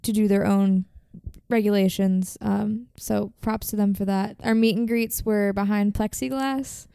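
A woman's voice: mid-range voice, steady tone, a little slow, creaky, warm tone, clear, resonant tone, no echo. A young woman co-hosting a podcast, chatting casually and telling stories with lots of filler words. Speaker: podcast co-host. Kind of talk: casual chat.

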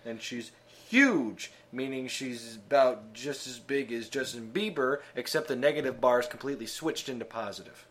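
A man's voice: medium pitch, normal speed, a bit bright. A man guest co-hosting a podcast, chatting casually with dry jokes and frequent laughter. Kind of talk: casual chat.

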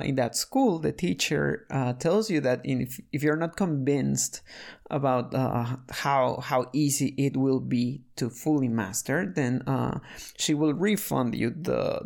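Chatty storyteller with a gravelly voice. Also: medium pitch, measured pace, darkish tone. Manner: chatty, many restarts and fillers. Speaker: storyteller recounting learning a language. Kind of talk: casual storytelling.

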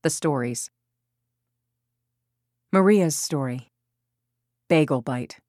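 A woman's voice: low-pitched, slow, a little mellow, no echo, studio quality. A woman narrating a parenting audiobook, reading expressively and acting out quoted lines.

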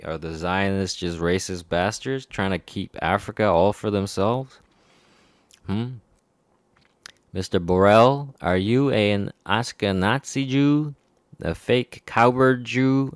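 A man's voice: fairly low pitch, clear, resonant tone, no room sound, studio quality. A man in a rambling, profane monologue to camera, chuckling often between remarks. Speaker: vlogger. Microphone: personal microphone.

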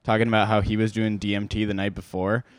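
Wisecracking low-voiced man. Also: flat delivery, fast, smooth, no echo. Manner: wisecracking, crude jokes. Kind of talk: casual chat.

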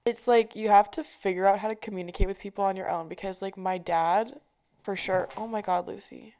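A young woman vlogger with a mid-range, creaky, dark-toned voice tells stories in a casual, chatty way. Profanity comes easily to her, and her talk is packed with fillers such as "like."

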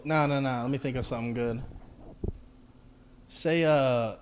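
A man's voice: mid-range voice, fairly even intonation, a little slow, a little hiss or hum. A man hosting a casual podcast, crude and playful, coaxing his friends into doing accent impressions. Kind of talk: casual chat with joke accents.

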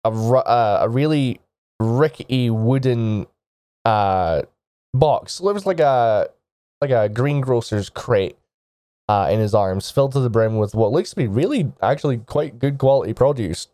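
A man narrating a tabletop game as game master, in a halting way with frequent restarts. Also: medium pitch, animated, dark tone, no echo, studio quality. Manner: halting, with many restarts and laughs.

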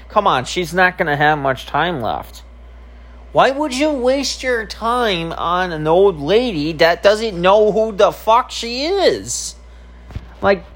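A man streaming and vlogging, talking casually to camera in a rambling, profane way with many filler ums. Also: on the high side.

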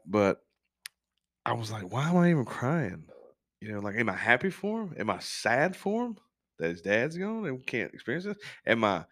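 A man hosting a casual podcast, telling a personal story in a halting, candid way with frequent swearing. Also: on the low side, fairly bright tone, dry recording, clean studio sound. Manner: works as an on-call technician, speaks plainly about long shifts. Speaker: podcast host.

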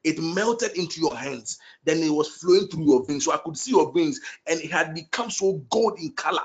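A man's voice: fairly high pitch, expressive, moderate pace, few pauses. A man leading prophetic prayer, declaring blessings over named people with fervent, repetitive declarations.

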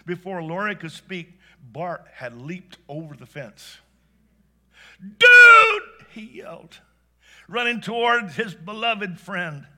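A man telling a heartfelt story aloud, animated and swinging between hushed and excited delivery. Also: high-pitched, a little slow, hardly any pauses, very noisy. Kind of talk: expressive spoken storytelling.

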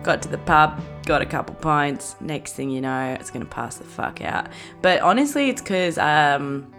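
A woman's voice: deep voice, expressive, normal speed, creaky, a bit bright, soft background music. A young Australian woman hosting her own podcast, rambling and giggly in a casual chat, swearing freely. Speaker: podcast host.

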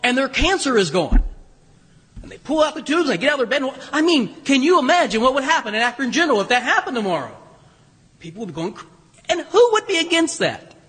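In a church sanctuary, a pastor preaches with a high, bright voice that's a little husky. His storytelling is loose and conversational, full of humor and restarts, and the room's long reverb carries his words.

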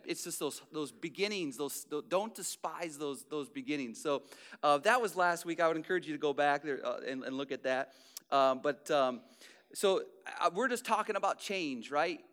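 A male pastor preaching in a loose, conversational way, often restarting a phrase before pressing his point. His voice sits high for a man and comes through smooth and resonant. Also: a bit bright. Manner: conversational preaching with frequent restarts and rising emphasis. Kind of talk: sermon.

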